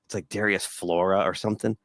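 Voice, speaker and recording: A man co-hosting a casual sports talk show, telling stories with animated quoted voices. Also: deep voice, fast, dry recording. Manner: animated storyteller, acts out quotes. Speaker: podcast co-host.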